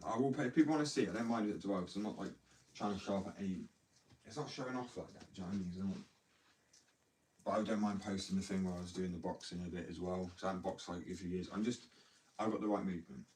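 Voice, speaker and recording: A man's voice: low-pitched, racing, a little mellow. A young man rambling heatedly in a casual monologue, with lots of restarts and swearing. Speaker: skater vlogger. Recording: distant mic with faint background noise.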